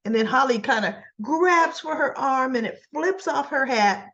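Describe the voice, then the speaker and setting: A woman with a fairly high voice talks slowly through a soap opera recap. She is chatty and keeps checking in with her listeners. The recording sounds a little dull and lo-fi. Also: lively intonation, a bit bright. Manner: chatty, often asks "right?" and acts out quoted lines. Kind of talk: casual episode recap.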